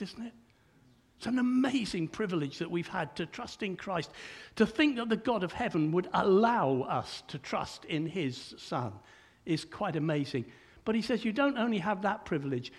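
Old guy preaching, really high-pitched voice, keeps stumbling over his words. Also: husky. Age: older. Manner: stammering restarts, conversational. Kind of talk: sermon.

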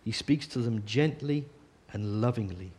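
A man preaching a sermon, earnest, often dropping to a soft hush on key phrases. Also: medium pitch, measured pace, slightly rough.

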